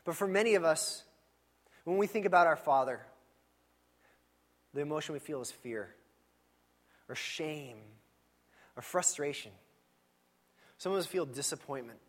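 Conversational pastor, a man with a higher voice. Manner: conversational, animated storytelling with frequent asides. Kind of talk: sermon.

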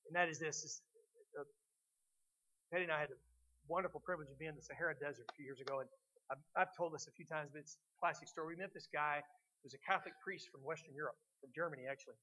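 Man, middle-aged, pastor, sermon, animated, bright tone, slightly high voice. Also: quick pace, poor audio. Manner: animated preaching, swings from loud emphatic to quiet.

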